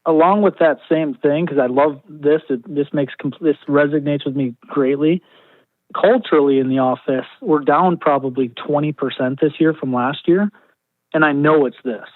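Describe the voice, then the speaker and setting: A man's voice: fairly high pitch, normal speed, no room sound. A man calling in to a business advice show, earnest and stressed, heard over a phone line. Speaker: caller, business owner. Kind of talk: call-in conversation.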